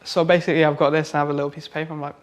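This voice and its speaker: A man's voice: a little high, level tone, very fast. A man, a tattoo artist and singer, telling stories in a casual, rambling way full of "like" and restarts. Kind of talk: casual anecdote storytelling.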